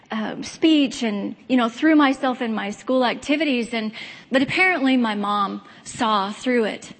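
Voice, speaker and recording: A woman's voice: fairly high pitch, fairly bright tone. Earnest woman in her fifties in a hall. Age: 50s. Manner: candid, earnest storytelling with wry asides. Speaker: speaker giving a personal testimony. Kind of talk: personal testimony speech. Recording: long hall reverb.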